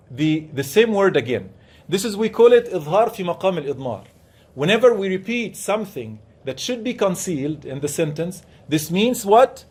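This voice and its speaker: A man's voice: high-pitched, a little mellow. A man, a professor giving a classroom lecture who explains by asking the class questions and repeating key words. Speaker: professor teaching Quran commentary. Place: classroom with students.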